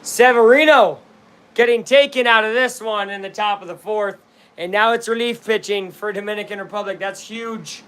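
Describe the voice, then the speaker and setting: High-voiced excitable male game streamer. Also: normal speed, smooth. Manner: chatty, rambling, erupts into shouts at big plays. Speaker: fan streamer watching the game live. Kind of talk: casual play-by-play commentary.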